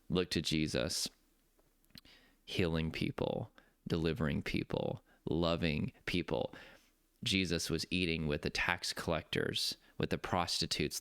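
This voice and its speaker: Deep gravelly man, earnest preacherly talk. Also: a bit bright, no echo, clean studio sound. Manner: earnest, preacherly, slows down for emphasis. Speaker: nervous system coach. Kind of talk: heartfelt personal faith talk.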